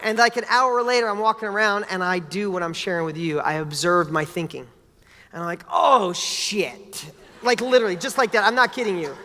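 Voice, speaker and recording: A man giving a motivational talk, telling a personal story in an energetic, animated way with casual swearing. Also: high-pitched, quick pace, slight background noise. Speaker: motivational speaker. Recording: long hall reverb.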